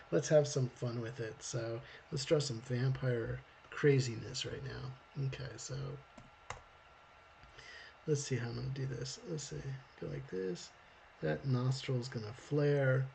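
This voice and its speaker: A man's voice: mid-range voice, slow pace, gravelly, darkish tone, slight background noise. A man hosting a live storyboard drawing stream, chatting casually and thinking aloud as he draws.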